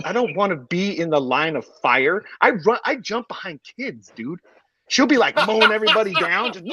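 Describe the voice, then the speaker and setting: A man bantering loudly on a casual talk show, joking and swearing. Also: fairly high pitch, husky, dry recording. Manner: loud, animated, swearing, jokey. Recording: dull lo-fi audio.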